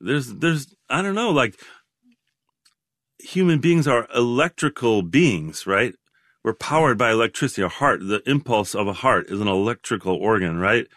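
A man in his sixties, a guest in a reflective interview, talking in a halting, rambling way with many restarts. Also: medium pitch, animated, a bit bright, dry recording, studio quality. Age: 60s.

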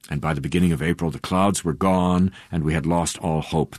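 A gravelly, strikingly deep male voice narrates a memoir audiobook, steady and unhurried, with phrase endings that sink nearly to a hush. It's recorded close and dry, with no sense of the room.

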